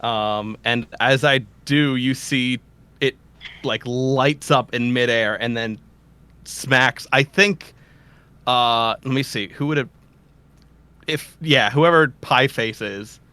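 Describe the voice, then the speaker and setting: A man's voice: mid-range voice, slow pace, pushed and bright, clean tone, dry recording. Hesitant male player, dry sound. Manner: hesitant, thinking aloud. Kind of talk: casual tabletop play.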